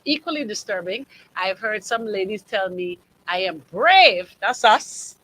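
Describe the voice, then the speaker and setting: A Bahamian woman hosts a call-in radio show from the studio, her voice bright and forward at an ordinary pitch. She talks in an emphatic, conversational way and stops now and then to read listener comments aloud. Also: takes it slowly, poor audio. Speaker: radio talk show host. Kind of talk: call-in talk show monologue. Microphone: studio microphone.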